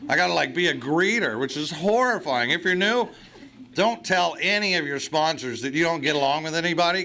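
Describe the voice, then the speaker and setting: A man's voice: a little high, bright, forceful tone. A man speaking at a recovery meeting, blunt and profane, with self-mocking humor. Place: meeting hall.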